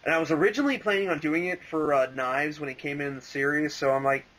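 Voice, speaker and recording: A man's voice: a little high, fast, a bit bright, low-quality recording. A young man rambling casually as an interview guest, full of "like" and "um" and frequent laughs. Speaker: interview guest, fan voice actor.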